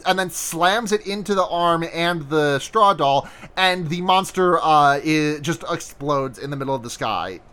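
A man with a somewhat high-pitched voice recapping an episode in loose, casual podcast chat. He rambles along, stacking fillers and starting sentences over as he goes. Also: expressive, a little slow, hardly any pauses, pushed and bright, clean tone. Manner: rambling, many "like" fillers and restarts. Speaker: podcast co-host.

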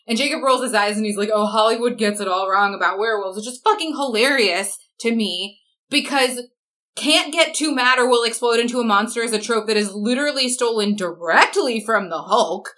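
A young woman walks through a book's plot with wry asides and firm corrections. Her voice sits slightly high, bright and sharp. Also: brisk. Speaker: podcast co-host. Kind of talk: casual chat, book recap.

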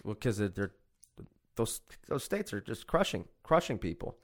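A man's voice: lowish voice, sing-song, moderate pace. A young man from Chicago telling a rambling, profane story in casual chat.

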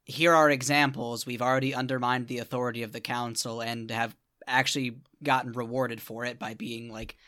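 A calculating young operative who argues his case plainly, as a man voices him. The voice has a bright, forward edge. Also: medium pitch, flat delivery, brisk, no echo, clean studio sound, close to an everyday voice. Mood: persuasive. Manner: matter-of-fact argument. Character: scheming young male operative, persuasive.

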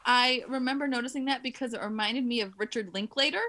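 A woman co-hosting a podcast in casual chat, giggly and animated. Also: fairly high pitch, fast. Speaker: podcast co-host.

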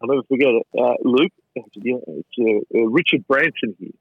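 A middle-aged man with an Australian accent tells his story in a loose, animated way, stumbling over repeated words as he goes. His voice comes through a narrow, phone-like line, a little husky and without any room sound. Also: mid-range voice, quick pace, no room sound. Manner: rambling, animated anecdote with frequent restarts. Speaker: chef and entrepreneur guest. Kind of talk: casual storytelling interview. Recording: dry, phone-like radio sound.

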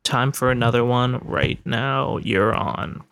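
A man hosting an improvised comedy call-in show, answering callers with easygoing, deadpan replies. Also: mid-range voice, slow, vocal fry.

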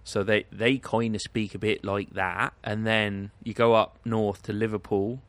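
A man's voice: on the low side, level tone, a little slow, dry recording. A British man from Southwest England, chatting casually on a podcast. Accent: British English. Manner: chatty, does joking impressions of accents.

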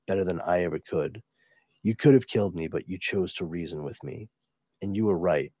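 A man voicing a grave, remorseful ancient alien ruler from a comic, talking slowly and solemnly in a low voice. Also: warm tone, no room sound.

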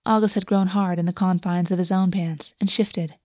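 A woman reading a fantasy romance aloud as narrator, in a soft, steady storytelling voice on a close microphone. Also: on the low side, moderate pace, few pauses, no room sound. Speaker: audiobook narrator. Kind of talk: scripted narration.

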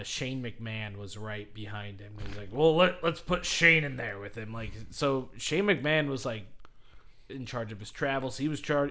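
A man's voice: medium pitch, pushed and bright. A man casually retelling a story on a podcast, rambling with fillers and acting out quotes. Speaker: podcast host recapping wrestling history. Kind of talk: casual chat.

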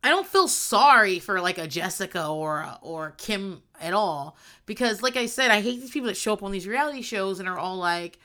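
Loud animated woman with a bright voice. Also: medium pitch, normal speed. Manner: animated, swears freely, acts out quotes, laughs often. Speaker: podcast host recapping a reality show. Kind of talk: casual chat.

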